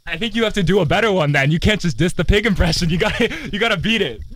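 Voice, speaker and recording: A student in his twenties co-hosts a campus radio show outdoors on a quad, chatting playfully, rambling and laughing. His voice sits high, animated and rapid-fire, with a fairly bright tone.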